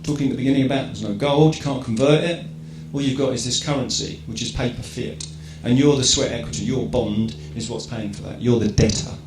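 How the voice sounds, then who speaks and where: This public speaker from England talks briskly at a medium pitch, his tone steady and his pauses rare, against a noisy backdrop in an echoey hall with faint ambience. Informal with his live audience, he asks rhetorical questions and repeatedly tags on "right?"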